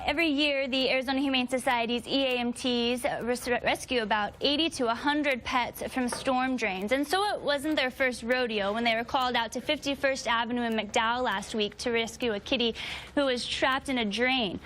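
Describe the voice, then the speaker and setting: A woman host with a bright, polished delivery, reading scripted segments about rescued pets. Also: high voice, fairly even intonation, normal speed, a little hiss or hum.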